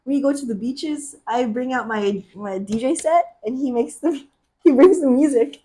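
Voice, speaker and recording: A young woman co-hosting a podcast, telling stories in a lively way, acting out what people said and laughing often. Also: sits high, normal speed. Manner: animated, acts out quotes, laughs often. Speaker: podcast co-host. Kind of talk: casual chat, storytelling.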